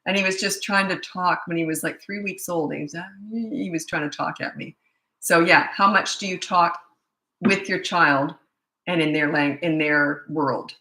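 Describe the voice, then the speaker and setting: A middle-aged woman who works as a parenting coach answers viewer questions in a rambling, chatty way, often restarting mid-sentence. Her fairly low voice is bright and forceful at a moderate pace, recorded in an echoey, roomy space.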